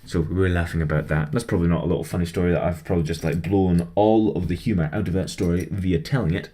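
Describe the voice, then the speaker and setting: A man's voice: sits low, fairly even intonation, quick pace, mellow. A young man rambling casually about his week while building a model kit, chatty and self-deprecating.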